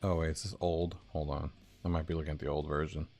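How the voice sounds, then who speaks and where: A man developing a game on a live stream, talking to himself and swearing casually, his voice a bit hoarse. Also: extremely low pitch, flat delivery, fast talker, a little mellow, faint music behind.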